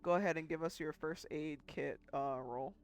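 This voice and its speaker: A woman's voice: low-pitched, normal speed, faint music behind. A woman running a tabletop game as dungeon master, narrating in a casual, chatty way and swearing freely.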